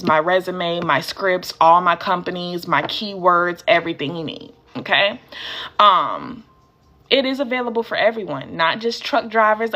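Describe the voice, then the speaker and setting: A woman's voice: lowish voice, a bit bright, highs cut off. An American woman teaching a casual live-stream session as a courier business coach. She talks straight to her viewers and answers their comments as she goes. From United States. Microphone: phone live stream.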